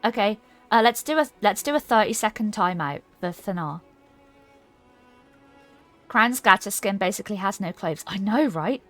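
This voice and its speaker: A woman's voice: mid-range voice, lively intonation, moderate pace, pauses often, faint music behind. Giggly woman streamer chatting. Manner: chatty and giggly, reads chat aloud. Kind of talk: casual live-stream chat while gaming.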